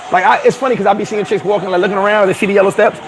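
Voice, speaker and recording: A brash, profane man rants to his camera in a high voice, laughing and boasting as he goes. He is outdoors on a street, with traffic and street noise loud behind him. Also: steady tone, racing. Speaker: vlogger. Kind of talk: casual rant to camera. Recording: noisy outdoor street recording.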